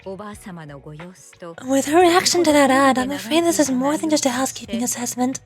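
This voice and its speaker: Calm analytical manager, voiced by a woman reader, high voice, measured delivery, music bed. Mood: explaining. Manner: measured, explanatory. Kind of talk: reading game dialogue aloud. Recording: game music behind the voice.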